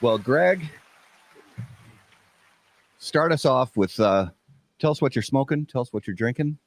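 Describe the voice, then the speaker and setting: A man's voice: medium pitch, animated, unhurried, creaky, no echo. A man hosting a live cigar podcast from a studio, introducing guests and reading sponsor spots in an announcer style. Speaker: podcast host.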